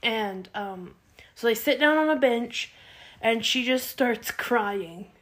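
A woman co-hosting a podcast casually recaps a TV show, telling it in an animated way and acting out the quotes. Her pitch is fairly high, and she takes her time.

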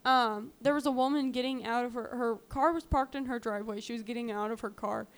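Woman, casual storyteller, podcast co-host, fairly high smooth voice. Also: steady tone, a little fast. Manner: chatty, lots of "um" and "like", acts out quotes. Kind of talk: casual true-crime storytelling.

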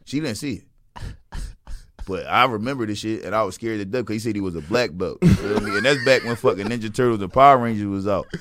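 Low-voiced young man, rapid storytelling. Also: noisy background. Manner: emphatic, swears freely. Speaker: podcast co-host. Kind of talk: casual chat, storytelling.

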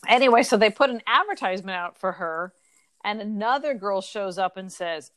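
A young adult woman co-hosting a casual book chat, animated and full of fillers. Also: medium pitch, brisk, no room sound. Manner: chatty, animated, lots of fillers. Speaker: podcast co-host.

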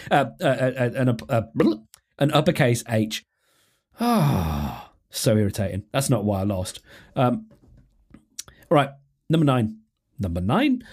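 A man hosting a casual solo podcast, thinking aloud in an animated, self-mocking way with many restarts. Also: fairly high pitch. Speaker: podcast host.

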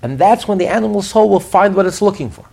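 A man giving a podcast Torah class, telling stories in an animated way with frequent restarts and chuckles. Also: sits high, fast talker, gravelly, a little hiss or hum. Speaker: Torah teacher.

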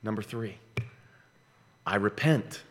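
A middle-aged man preaching a sermon, emphatic, slowing down for dramatic weight and repeating key phrases. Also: on the low side. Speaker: pastor.

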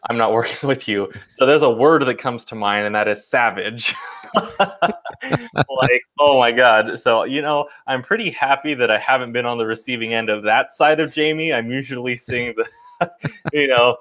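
A man's voice: medium pitch, normal speed. Easygoing man chatting on a podcast. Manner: relaxed, laughs easily, lots of fillers. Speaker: podcast co-host. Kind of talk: casual podcast chat.

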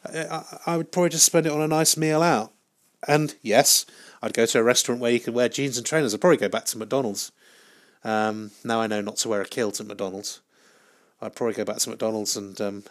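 A man hosting a solo podcast, rambling through a comic monologue in a deadpan, self-mocking way with frequent hesitations and restarts. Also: mid-range voice, brisk. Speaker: podcast host.

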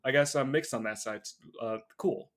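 A man's voice: medium pitch, normal speed. A man co-hosting a comic podcast, telling stories in casual chat with lots of fillers and laughs. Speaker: podcast co-host.

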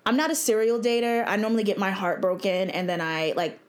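A woman's voice: mid-range voice, fairly even intonation, a little fast. A young woman, hosting her own podcast in a blunt, chatty way and laughing often. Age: 20s. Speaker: podcast host. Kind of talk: casual solo podcast talk.

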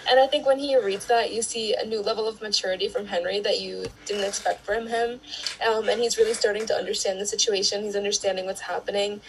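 A woman guest on a podcast, giving thoughtful views on a film with frequent filler pauses. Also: mid-range voice, fairly even intonation, slight background noise, poor audio. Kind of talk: casual film discussion.

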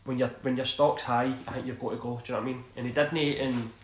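A man's voice: mid-range voice, little pitch movement, fast talker, echoey room, a little hiss or hum. A Scottish man in his thirties, a former footballer, telling rambling stories in a casual interview and laughing often. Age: 30s. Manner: rambling, laughs often, says "do you know what I mean". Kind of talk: casual storytelling.

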